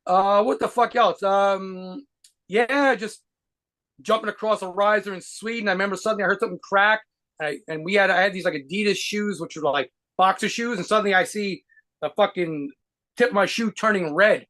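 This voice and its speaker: Fast-talking, swearing New man. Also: high voice, sharp tone. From United States. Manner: rapid profane anecdotes with laughs. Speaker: guitarist interviewee. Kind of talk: fast storytelling interview.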